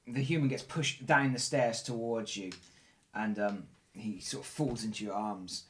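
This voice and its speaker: A man narrating as dungeon master, describing the scene in a lively way and asking players for rolls. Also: fairly low pitch, normal speed, a little hiss or hum. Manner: lively, laughing storyteller. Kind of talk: narrating a tabletop game.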